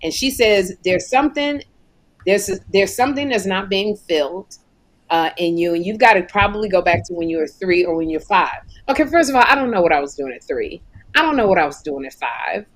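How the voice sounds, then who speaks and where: A middle-aged woman co-hosting a comedy podcast, chatting casually and telling animated stories with acted-out quotes. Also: medium pitch, fairly quick. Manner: animated storyteller, acts out quotes. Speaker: podcast co-host.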